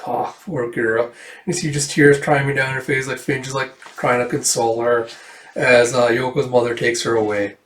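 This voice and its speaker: A man's voice: mid-range voice, level tone, normal speed, a bit bright. A man casually reading through a comic and reacting, with fillers and swearing. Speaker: comic reader and reviewer. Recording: roomy, distant mic.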